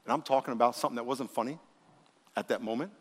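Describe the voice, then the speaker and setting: A man preaching a lively sermon as pastor, acting out voices he quotes. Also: medium pitch, quick pace, breathy edge. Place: church sanctuary. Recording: long reverb of a church hall.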